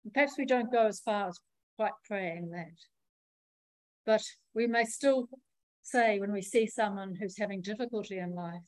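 A woman preacher giving a sermon in a measured, reflective teaching manner, pausing often as she explains. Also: mid-range voice, dry recording, low-quality recording.

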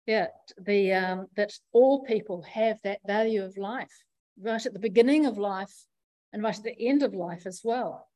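A woman preacher giving a sermon in a measured, reflective teaching manner, pausing often as she explains. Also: mid-range voice, mellow, dry recording, muffled recording.

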